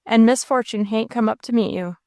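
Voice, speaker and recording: A woman's voice: a little high, brisk, a little mellow, no echo, studio quality, lightly acted. A woman reading the part of a big red-faced country innkeeper who speaks in a folksy rural dialect. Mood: blunt.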